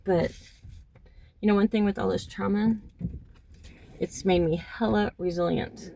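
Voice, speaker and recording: Gravelly-voiced middle-aged woman, halting and reflective. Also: mid-range voice, fairly even intonation, noisy background. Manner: halting, reflective, many pauses and fillers. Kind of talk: personal monologue. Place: in a hot car.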